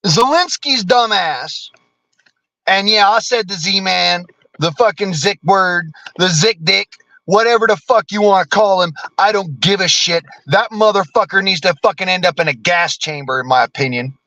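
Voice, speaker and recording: High, bright-voiced man ranting hard. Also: moderate pace, no room sound, rough recording. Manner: heavy cursing, blunt and combative. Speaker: vlogger. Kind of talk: profane political rant.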